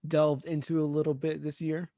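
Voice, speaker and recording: Man, podcast co-host, casual chat, hesitant, mid pitch, dry close recording. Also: monotone, normal speed, warm tone, dry recording.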